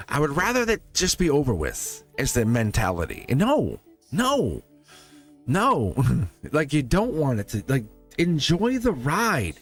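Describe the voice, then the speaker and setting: A man's voice: medium pitch, huge pitch swings, measured pace, soft background music. A man hosting a live tarot reading, playful and laughing often as he talks to his viewers. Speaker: tarot reader and live stream host.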